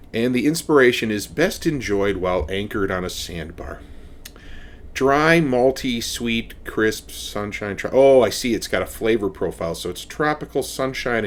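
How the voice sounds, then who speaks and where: A man giving a casual beer review from his home basement, joking offhandedly as he reads the label aloud. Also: fairly low pitch.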